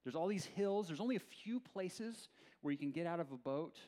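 A man preaching a sermon in a conversational, animated storytelling way. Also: a little high. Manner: opens in a soft, slow prayer. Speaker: pastor.

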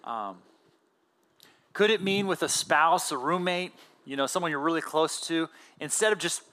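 A man in his thirties, a pastor giving a conversational sermon with casual fillers and animated emphasis. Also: on the high side.

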